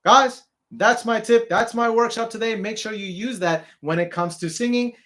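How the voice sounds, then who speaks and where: A man's voice: sits high, normal speed, a bit bright. A man teaching an online singing lesson, explaining posture and technique step by step and checking in often with the learner. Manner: encouraging, repeats "okay?" to check in.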